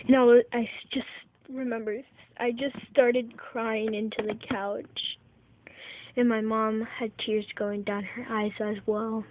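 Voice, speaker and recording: A woman's voice: on the high side, level tone. A woman narrating a home-made toy story in the first person, in an earnest, heartfelt way. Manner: earnest, slow, heartfelt telling. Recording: tinny phone-like recording, faint hiss.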